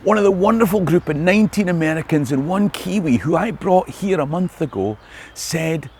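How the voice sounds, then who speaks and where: Wry Scottish man, gravelly voice. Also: on the high side, lively intonation, moderate pace, a little mellow, a little hiss or hum. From Scotland. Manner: wry, joking storyteller. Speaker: history tour guide. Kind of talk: scripted video monologue.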